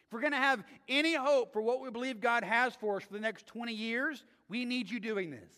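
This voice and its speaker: High, bright-voiced preacher in a reverberant church. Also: male voice, fairly quick. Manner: conversational preaching with frequent rhetorical "right?". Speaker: pastor. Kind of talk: sermon. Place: church sanctuary.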